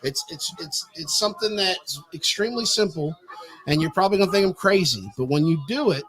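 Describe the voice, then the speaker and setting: A man's voice: high voice, animated, fairly quick, a bit bright, rough recording. A man on a casual podcast earnestly offering simple advice. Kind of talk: casual chat.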